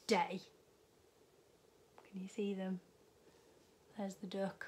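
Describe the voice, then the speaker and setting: A woman who teaches primary school reads a picture book aloud to young children, pausing gently for asides about the pictures. Her voice is medium in pitch, slightly rough, and flat in delivery.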